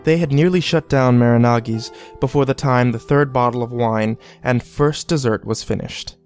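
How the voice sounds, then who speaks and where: Man reading a creepy story, mid pitch, slow and deliberate, faint music under it. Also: a little mellow. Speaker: horror story narrator. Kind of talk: scripted horror story narration. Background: faint background music.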